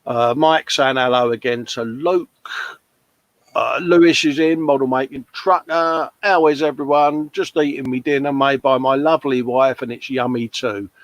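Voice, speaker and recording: A man's voice: medium pitch, fairly even intonation, moderate pace, dry recording, lo-fi sound. Man, livestream host, chatty banter, reads comments aloud, dry close sound. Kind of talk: casual chat reading live comments.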